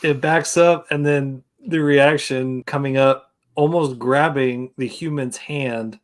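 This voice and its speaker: A man's voice: medium pitch, fairly even intonation, slow. Laid-back rambling male podcast host. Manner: rambling, hesitant, with fillers and trailing sentences. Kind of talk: casual chat.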